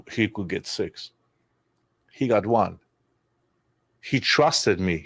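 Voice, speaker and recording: A man's voice: lowish voice, no room sound. A man, telling emotional personal stories in a candid conversation, rambling and restarting, with swearing. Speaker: podcast guest.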